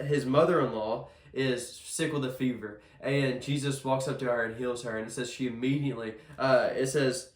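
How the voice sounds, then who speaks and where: A man giving a casual devotional sermon in a chapel, earnest and conversational, often restarting his sentences. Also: medium pitch. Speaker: devotional speaker. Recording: echoey room.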